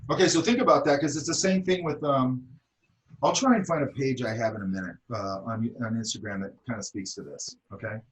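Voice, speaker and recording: A man's voice: medium pitch, brisk, low-quality recording. A middle-aged man teaching an art class, giving blunt, casual critique and checking in often with the students. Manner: blunt, casual, repeats okay and does that make sense. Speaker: art instructor.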